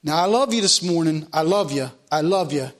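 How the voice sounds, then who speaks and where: High-voiced preacher repeating his points. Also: lively intonation, brisk. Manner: preaching with emphatic repetition, reading scripture aloud. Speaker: pastor. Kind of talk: sermon.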